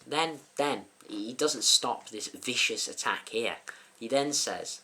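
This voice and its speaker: A man's voice: medium pitch, slow pace, bright, forceful tone. A young man in casual comedic commentary, dry and self-mocking, hesitant with many fillers. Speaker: YouTube host reading troll comments.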